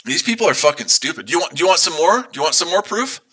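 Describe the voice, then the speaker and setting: A man's voice: fairly high pitch, big pitch swings, very fast, pushed and bright. A man streaming live as a day trader, ranting at his chat in a combative, profane way and repeating his rhetorical questions.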